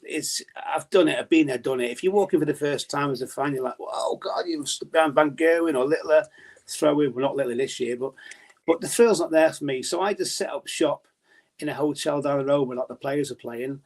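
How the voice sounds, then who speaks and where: A man's voice: on the high side, a little fast, a little mellow. Chatty, rambling man on a podcast. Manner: chatty, rambling with many restarts. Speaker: podcast guest, darts journalist. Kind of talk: casual podcast chat.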